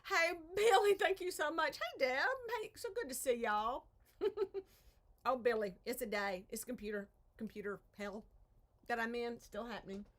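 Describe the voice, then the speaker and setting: A woman chats away on her craft live stream from a home art studio, her fairly high voice bright and a little tense. She rambles and cuts herself off mid-thought, sighing now and then as she works. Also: normal speed. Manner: chatty, rambling, self-interrupting, sighs at her troubles. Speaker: craft channel host. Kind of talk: casual live-stream chat while crafting.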